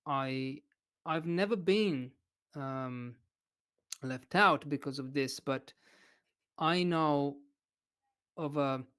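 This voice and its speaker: A man with a slightly raised, smooth voice, speaking slowly and deliberately. He weighs his words, with many pauses and fillers, as an interview guest. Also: fairly high pitch, fairly bright tone. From Italy. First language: Italian. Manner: thoughtful, hesitant, with many fillers. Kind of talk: casual interview chat.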